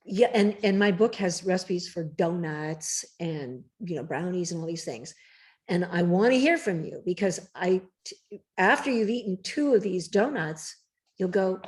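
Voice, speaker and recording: A woman author talking emphatically and directly in a casual interview, with a slightly rough morning voice. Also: lowish voice, lively intonation, unhurried. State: morning voice, clearing throat. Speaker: cookbook author guest.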